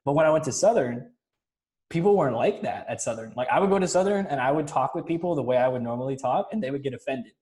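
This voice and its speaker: A young man hosting a casual chat, telling animated stories and laughing often. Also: mid-range voice, fast talker. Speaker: podcast host. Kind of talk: casual conversation.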